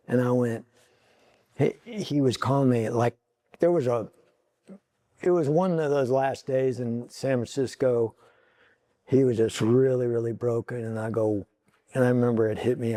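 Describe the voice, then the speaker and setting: A man's voice: medium pitch, moderate pace, mellow, no echo. A middle-aged man speaking as a podcast guest in earnest, heartfelt casual talk, often stopping to restart and repeat his words. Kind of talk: casual chat.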